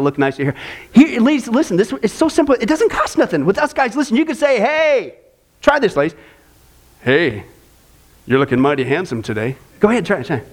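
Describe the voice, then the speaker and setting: A man preaching a sermon in an emphatic, conversational way, often stopping to say "listen" or "okay?". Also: extremely high pitch. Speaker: pastor.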